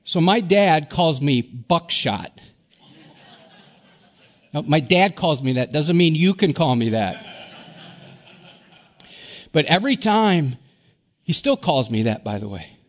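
A middle-aged pastor from Wisconsin preaching a sermon, earnest, often sinking to a hushed soft emphasis. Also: male voice, on the high side, very animated, takes it slowly, long pauses. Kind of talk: Easter sermon.

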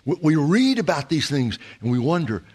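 A male pastor giving a measured, emphatic sermon full of rhetorical questions. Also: fairly high pitch, big pitch swings, a little mellow, breathy edge.

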